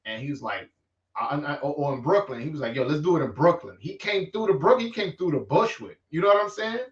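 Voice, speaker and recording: Fields: Sex: man. Style: animated street-talk boxing chat. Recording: roomy, distant, lo-fi. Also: fairly high pitch, quick pace. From New York. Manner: animated, streetwise slang, frequent restarts. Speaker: boxing vlogger host. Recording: roomy, distant, dull lo-fi sound.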